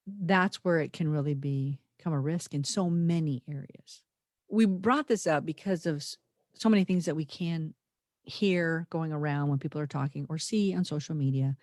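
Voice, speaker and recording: Thoughtful woman podcast host, emphatic delivery, lower voice, close and dry. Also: darkish tone, no echo. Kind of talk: reflective podcast conversation.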